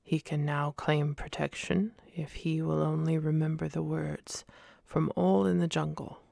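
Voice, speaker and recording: A kindly old bear teacher, as a woman reads him aloud in a whispered role-play. The voice is gravelly and very slow, drawn out and a bit fuller than the narration. It stays close and dry on the mic. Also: sits low, flat delivery, warm tone, dry recording, full character voice. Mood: earnest. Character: old brown male bear teacher, earnest and tender.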